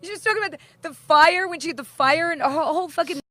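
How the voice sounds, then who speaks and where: Animated woman telling stories, high voice. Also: quick pace, no echo. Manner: animated, acts out quoted voices, laughs often. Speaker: podcast co-host. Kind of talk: casual chat, storytelling.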